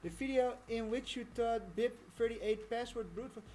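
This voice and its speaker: A woman's voice: on the high side, normal speed, hardly any pauses, mellow. Rambling woman streaming a casual tutorial. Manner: rambling, chatty, laughs often.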